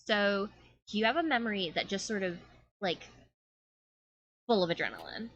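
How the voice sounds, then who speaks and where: A woman's voice: mid-range voice, big pitch swings, normal speed, fairly bright tone, no echo, muffled recording. Woman doing a bubbly ditzy young fairy. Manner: bubbly, rambling, valley-girl fillers.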